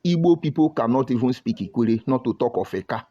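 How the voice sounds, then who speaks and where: Heated and scolding, a Nigerian-accented commentator rattles through a monologue full of rhetorical questions. His mid-range voice is warm and brisk with lively intonation, and the recording is dull, lo-fi.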